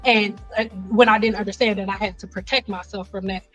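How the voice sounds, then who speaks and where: A young woman hosting a casual livestream chat, talking bluntly and with lots of profanity, telling animated stories. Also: medium pitch, fairly quick, soft background music. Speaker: livestream host.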